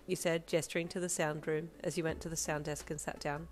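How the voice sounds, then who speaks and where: A woman narrating a romantic fan fiction story in a calm, even storytelling manner. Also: deep voice, brisk.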